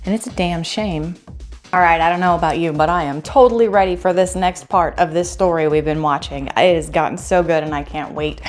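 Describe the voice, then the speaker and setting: Reaction host, woman, lowish voice, blunt and opinionated, faint music underneath. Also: fairly quick. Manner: blunt and opinionated, addresses viewers directly. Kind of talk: casual direct-to-camera commentary.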